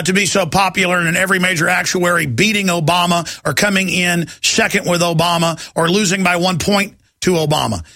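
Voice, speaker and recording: A man's voice: high voice, bright, forceful tone, no room sound, clean studio sound. A man hosting a talk radio show, ranting and mocking his targets with sarcasm. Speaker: radio host.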